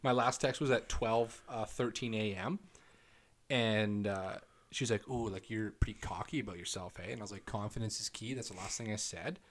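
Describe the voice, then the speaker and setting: A young man, co-hosting a casual podcast, telling crude stories with lots of swearing. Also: normal speed. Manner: animated storytelling, swears a lot, quotes texts in a lowered voice. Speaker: podcast co-host. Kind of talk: casual chat.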